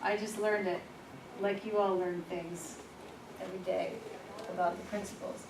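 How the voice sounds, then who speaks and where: A woman presenting a workshop, telling personal stories in a lively, informal way and laughing at herself. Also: medium pitch, moderate pace. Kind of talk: personal storytelling in a workshop talk. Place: workshop room. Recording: echoey room, far from the mic, noisy.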